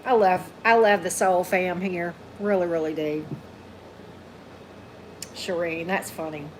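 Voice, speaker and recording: Hoarse chatty woman with a twang. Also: fairly even intonation, takes it slowly, background noise. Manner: chatty, reads out comments, calls her dog in a high coaxing voice. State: going hoarse. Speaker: tarot reader hosting a livestream. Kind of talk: casual live chat with viewers. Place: indoors at a table at home.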